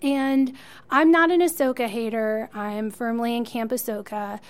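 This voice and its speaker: A woman's voice: fairly high pitch, steady tone, a little slow, clean tone. A woman co-hosting a podcast, chatting enthusiastically as a fan and laughing often. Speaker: podcast co-host. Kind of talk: casual chat.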